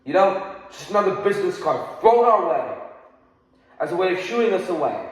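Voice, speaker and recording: A man giving a dramatic, impassioned recitation of a speech, angry and emphatic, with pointed pauses. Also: sits high, lively intonation. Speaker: oral interpretation student. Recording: echoey hall with long reverb.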